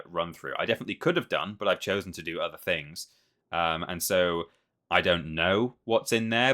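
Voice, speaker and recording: Male streamer, deep, crisp forward tone, chatty and musing over gameplay. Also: bright, forceful tone. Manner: chatty, musing, self-interrupting. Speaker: livestream host. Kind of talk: live gameplay commentary.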